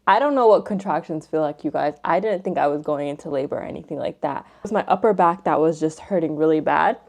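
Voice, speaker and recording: A woman's voice: low-pitched, quick pace, vocal fry. A young woman vlogger telling a personal story in a casual get-ready-with-me video, chatty, emotional and full of fillers. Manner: chatty, filler-heavy, says "like" and "you guys" constantly; emotional and animated retelling.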